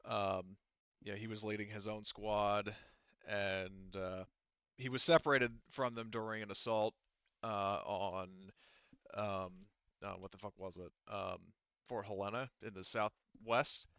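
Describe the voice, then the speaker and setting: A man's voice: on the low side, steady tone, measured pace, fairly bright tone, clean tone, dry recording, dull audio. A man narrating a tabletop game as game master, rambling, with many fillers and restarts.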